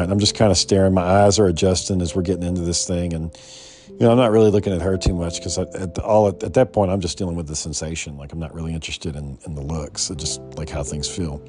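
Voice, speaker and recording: A man with a low voice tells a personal story in loose, rambling fashion, swearing freely and restarting sentences as he goes. Faint music sits quietly behind him. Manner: profane, rambling, many restarts. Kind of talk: casual personal anecdote.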